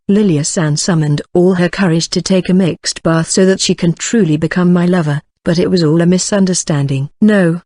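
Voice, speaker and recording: A text-to-speech voice narrating a light novel in first person, flatly reading punctuation marks aloud. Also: mid-range voice, normal speed, few pauses, dry recording, studio quality. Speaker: audiobook narrator.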